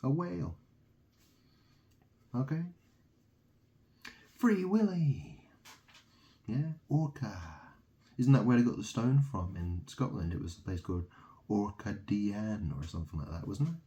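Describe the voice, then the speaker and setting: A man's voice: fairly low pitch, moderate pace, warm tone. A man from England delivering a rambling solo monologue, ranting and mocking, swearing freely.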